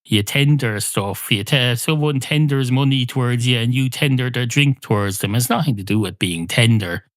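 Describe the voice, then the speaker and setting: A man's voice: medium pitch, normal speed, no room sound, clean studio sound, natural voice. A man putting on a pedantic talking cat. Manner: argumentative, pedantic. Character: fussy pedantic male cat at a pub.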